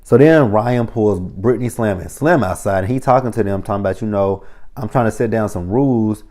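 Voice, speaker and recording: A man's voice: fairly low pitch, a little fast. A man recapping a reality TV episode in a casual monologue, blunt and profane. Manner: blunt, profane, animated storytelling.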